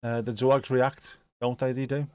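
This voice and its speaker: A man's voice: mid-range voice, level tone, normal speed, darkish tone, clean tone, no echo. Man, casual stream chat, wry jokes, dry close sound. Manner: chatty, wry and joking. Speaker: watch-along streamer. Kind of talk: casual live stream chat reading viewer comments.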